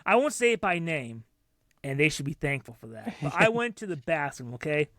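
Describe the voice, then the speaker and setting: A man tells stories on a podcast with a high, very lively voice that swoops up and down. He acts out the people in his stories. The sound is bright and dry, close on the mic. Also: a little fast, no room sound. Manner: animated storyteller who acts out loud quoted voices. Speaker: podcast co-host. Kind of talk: casual storytelling chat.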